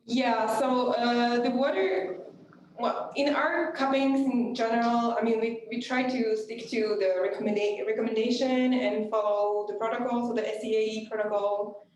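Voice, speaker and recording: A woman's voice: fairly high pitch, steady tone, normal speed, a little mellow. A woman hosting a live online coffee cupping, chatting and explaining the steps with fillers and laughs. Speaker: cupping session host. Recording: echoey room with faint noise.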